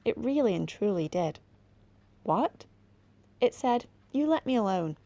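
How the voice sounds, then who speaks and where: A woman voicing an excitable, soft-hearted girl in a storybook reading, talking urgently and pleading. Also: medium pitch, a little slow, no echo, pitched above the performer's own voice.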